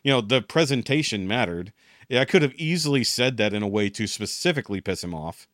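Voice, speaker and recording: Animated, cursing man. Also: mid-range voice, fairly quick, no echo. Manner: animated storyteller, swears freely, acts out quotes. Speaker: podcast co-host. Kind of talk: casual chat, storytelling.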